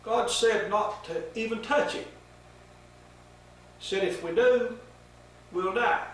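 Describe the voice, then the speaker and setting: A man's voice: high-pitched, slow, fairly bright tone, voice pushed up, exaggerated voice. An older man raising his voice to play an innocent, cheerful young woman who gushes eagerly and naively, in an echoey room with the mic set far off. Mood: earnest.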